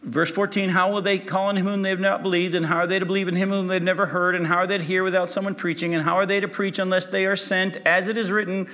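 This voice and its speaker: Bright-voiced male preacher telling a story. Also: sits high, fast talker. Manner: conversational storytelling, acting out dialogue, rising to emphatic preaching. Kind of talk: sermon with a personal story.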